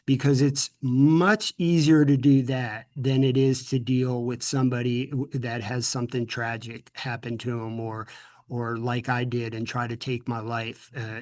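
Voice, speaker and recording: Earnest middle-aged man with halting restarts. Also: medium pitch, steady tone, a little mellow. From United States. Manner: earnest, repeats words and restarts often. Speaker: guest speaker. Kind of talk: conversational interview answers.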